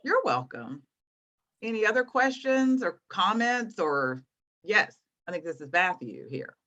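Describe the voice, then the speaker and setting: A woman in her thirties, a guest teacher, explaining things to students in an encouraging, animated way over a video call. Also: medium pitch, a little slow, muffled recording. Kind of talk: online class teaching.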